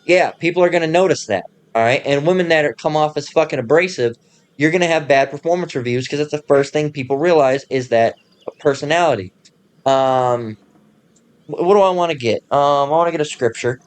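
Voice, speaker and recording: A man hosting his own channel, ranting casually in a profane, rambling way and pausing to read passages aloud. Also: a little high, clear, resonant tone. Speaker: channel host.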